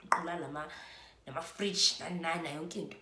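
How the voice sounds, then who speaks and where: A young woman in her early twenties with a South African accent, telling a casual storytime in a chatty, animated way full of "like" fillers. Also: low voice, normal speed. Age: early 20s. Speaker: vlogger. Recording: echoey room, faint background noise.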